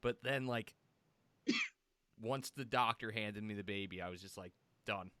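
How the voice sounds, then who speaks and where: A man's voice: lowish voice, unhurried, sharp tone, clear, resonant tone, no echo. A man hosting a casual podcast, chatty and reflective, with many fillers. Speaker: podcast host.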